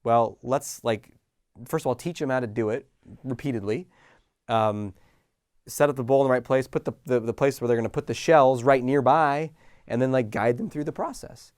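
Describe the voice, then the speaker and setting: A middle-aged man coaching listeners in a casual, animated talk, acting out small scenes with sighs and laughs. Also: medium pitch, normal speed, clear, resonant tone, dry recording, clean studio sound. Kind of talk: motivational talk to camera.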